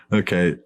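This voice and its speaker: A man's voice: on the low side, gravelly, bright, forceful tone, a little hiss or hum. A man hosting a podcast in casual debate chat, blunt and profane, dismissing claims outright. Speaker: podcast host.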